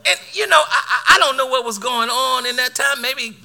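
A man's voice: extremely high pitch, normal speed, pushed and bright. A middle-aged man preaching a sermon, telling a personal story with laughter and repeated words.

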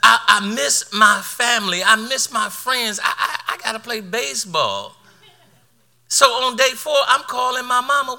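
A man's voice: extremely high pitch, expressive, measured pace, sharp tone. A middle-aged man preaching a sermon, telling a personal story with laughter and repeated words.

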